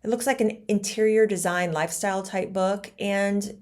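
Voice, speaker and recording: A woman's voice: medium pitch, steady tone, normal speed, a little mellow. A woman hosting a casual commentary vlog into her own microphone, chatty, gossipy and sarcastic. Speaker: YouTube commentary host. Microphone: personal microphone.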